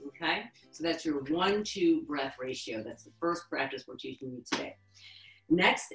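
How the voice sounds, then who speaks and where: Low-voiced woman guiding breathing practice. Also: echoey room, poor audio. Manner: calm, instructive, counts breaths slowly. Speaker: yoga therapist. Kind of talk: webinar lesson with guided breathing.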